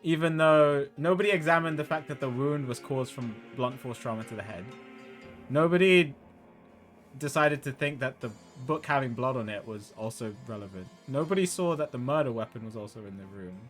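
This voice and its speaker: A man's voice: mid-range voice, normal speed, soft background music. A male streamer commenting casually on a game he plays, chatty and teasing, laughing often.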